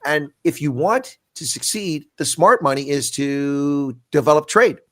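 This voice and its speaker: Bright and forceful, this man's voice sits on the high side, captured in studio quality without echo. A retired colonel and intelligence analyst, he fires off blunt, emphatic points in a frank political video-call discussion.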